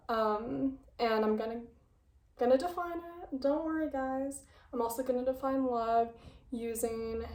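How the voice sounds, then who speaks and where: Her voice is a little high with a darkish tone as this young woman chats through a video essay, reading passages aloud and breaking off into playful asides. She's slightly out of breath. The recording is distant, echoey, and a bit off-mic.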